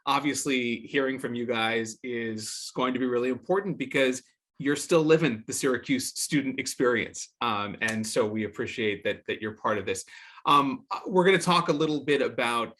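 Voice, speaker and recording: A middle-aged man hosting a virtual alumni event, speaking in a welcoming, measured way. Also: medium pitch, fairly bright tone.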